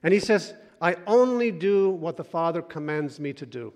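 Impassioned pastor in an echoing hall. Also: male voice, fairly high pitch, expressive, moderate pace. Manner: impassioned, swings between loud urging and soft hushed asides. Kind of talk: sermon. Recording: long hall reverb.

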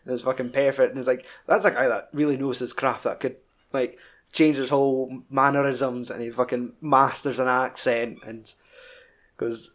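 A man with a Scottish accent chatting casually as a podcast co-host, telling a film's story in an animated, heavily sweary way. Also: medium pitch. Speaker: podcast co-host reviewing a film. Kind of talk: casual chat.

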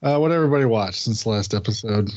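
A man co-hosting a podcast in casual chat, laid-back and hesitant, pausing with fillers. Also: on the low side, lively intonation, a little mellow, lo-fi sound, soft background music. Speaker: podcast co-host.

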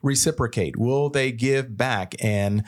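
A man, a pastor co-hosting a Bible podcast, talking in a thoughtful, halting way with frequent restarts. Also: mid-range voice. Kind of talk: casual Bible discussion.

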